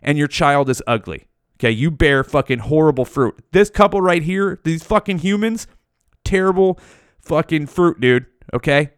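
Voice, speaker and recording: A man's voice: a little high, animated, normal speed, smooth, dry recording, studio quality, natural voice. A man voicing a rude, disgusted male flowering plant that scolds in a profane way.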